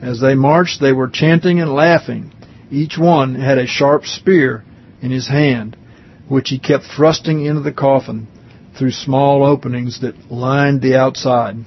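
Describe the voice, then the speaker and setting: A man's voice: mid-range voice, fairly even intonation, a little slow, dull audio, a little hiss or hum. A man reading a religious testimony aloud in an earnest way, stumbling now and then, with his own comments in between. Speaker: reader.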